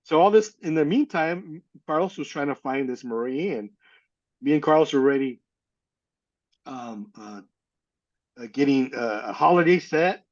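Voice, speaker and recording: A man's voice: fairly high pitch, lively intonation, moderate pace, pauses often, highs cut off. A man from California telling a personal story as an interview guest, acting out the people he quotes. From California, USA.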